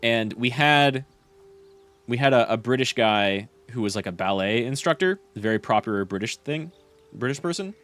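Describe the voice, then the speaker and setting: A man's voice: medium pitch, animated, normal speed, a bit bright, soft background music. A young man streaming a game and chatting casually, rambling with lots of fillers and restarts.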